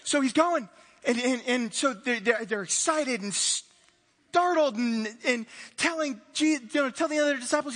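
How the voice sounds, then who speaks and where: A man preaching a sermon, telling the story in an animated way with playful asides and voiced characters. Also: extremely high pitch, normal speed, in a large hall, slight background noise. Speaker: pastor.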